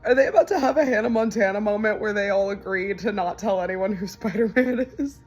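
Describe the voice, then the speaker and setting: A woman's voice: mid-range voice, brisk, a little mellow, soft background music. A young woman in casual movie reaction commentary, chatty and wry, often incredulous and laughing.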